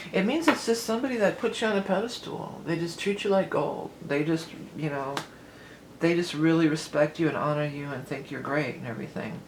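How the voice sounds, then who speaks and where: A woman's voice: low voice, roomy sound, low-quality recording. A talkative woman lays out a tarot reading in a loose, rambling way, laughing lightly as she drifts between tangents. Her voice rings around a reflective room, with a faint hiss of background noise underneath. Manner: chatty, rambling, laughs often. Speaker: tarot reader.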